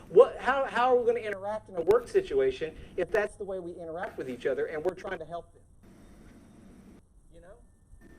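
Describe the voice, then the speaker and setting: A preacher delivering a church sermon in a lively, conversational way, acting out everyday scolding voices. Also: mid-range voice, a little hiss or hum, rough recording.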